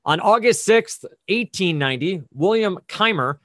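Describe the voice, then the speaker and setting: A man's voice: high-pitched, expressive, moderate pace, pushed and bright. A man hosting a trivia quiz over a video call, explaining the rules and reading clues in a conversational, methodical way with chatty asides.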